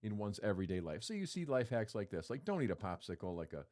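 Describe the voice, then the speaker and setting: A man's voice: fairly low pitch, sing-song, quick pace, darkish tone. A man preaching a sermon in a conversational, playful way, acting out quotes as he goes. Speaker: pastor.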